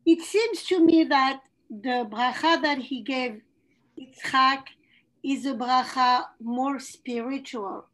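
A woman's voice: high voice, slow pace, a bit bright, rough recording. A woman answering in an online class, speaking hesitantly and using Hebrew terms. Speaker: class participant. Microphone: video call.

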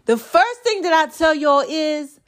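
A woman with a slightly high voice, chatting in a rambling, folksy way on her podcast. She sounds worn out, yet she keeps exhorting her listeners like a small sermon. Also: lively intonation, measured pace, fairly bright tone. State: tired. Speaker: podcast host. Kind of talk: casual, preachy motivational chat.

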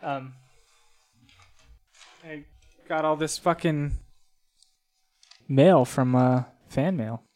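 A man's voice: a little high, drawn-out words, long pauses, a little mellow, dry recording. A man hosting a podcast, talking in laid-back casual chat full of swearing. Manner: laid-back, profane banter. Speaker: podcast host.

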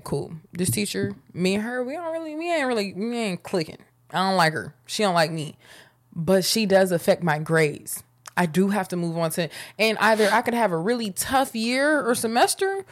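A young adult woman co-hosting a casual chat, candid and conversational. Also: medium pitch. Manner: candid, conversational, laughs often. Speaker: co-host.

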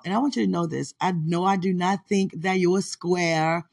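A woman's voice: on the low side, moderate pace, few pauses, a little mellow. A woman hosting a podcast, talking in a casual, teasing monologue and laughing often. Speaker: podcast host.

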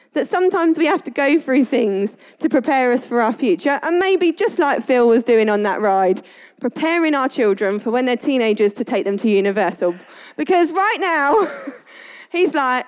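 High-voiced chatty woman. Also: sing-song, normal speed, darkish tone. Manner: chatty storyteller who often laughs. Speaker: Christian speaker. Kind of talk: casual devotional talk.

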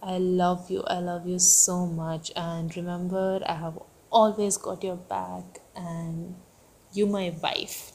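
Slow, teasing woman in her twenties. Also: lowish voice, little pitch movement, creaky, a little mellow, a little hiss or hum. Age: 20s. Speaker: best friend leaving a birthday message. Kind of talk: recorded birthday voice message.

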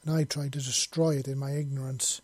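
A man's voice: medium pitch, level tone, fairly quick, darkish tone, husky, no echo, natural voice. A man reading the part of a haunted, remorseful male alien judge who speaks in a broken, pleading voice.

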